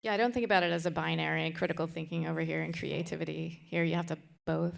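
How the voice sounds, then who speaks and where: A woman's voice: deep voice, fairly even intonation, fast, creaky. A middle-aged woman speaking on a college panel in a direct, confident way. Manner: direct, confident, laughs easily.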